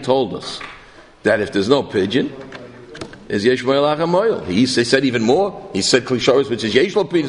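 Animated male Talmud teacher in a reverberant room. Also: fairly high pitch, slight background noise. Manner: animated, questioning, self-correcting. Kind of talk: Talmud class lecture.

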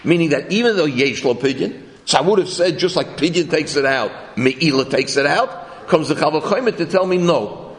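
A man's voice: on the high side, moderate pace. A man teaching a Talmud class, talking his way through the argument by asking questions and correcting himself as he goes. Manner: animated, questioning, self-correcting. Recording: long reverb in a room.

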